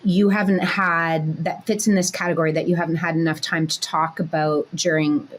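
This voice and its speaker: A woman from Canada hosting a podcast, asking questions in a relaxed, friendly way with some fillers. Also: low voice, moderate pace. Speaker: podcast host. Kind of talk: casual interview questions.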